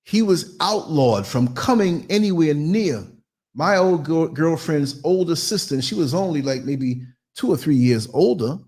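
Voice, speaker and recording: A man spins a story on his live podcast show. His voice sits a bit high and swings widely in pitch, theatrical and full of acted-out sounds. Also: lively intonation, measured pace, a little mellow. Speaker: podcast host.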